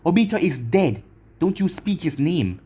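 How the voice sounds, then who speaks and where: A man voicing an angry young ninja who speaks slowly and sternly. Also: on the high side, sing-song, warm tone, slightly rough. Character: angry young ninja, grieving his friend.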